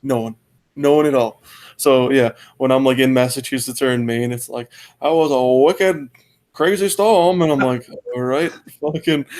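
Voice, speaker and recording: A young man co-hosting a movie commentary, telling stories in a crude, animated way with lots of swearing. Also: mid-range voice. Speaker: commentary co-host. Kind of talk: casual movie commentary chat.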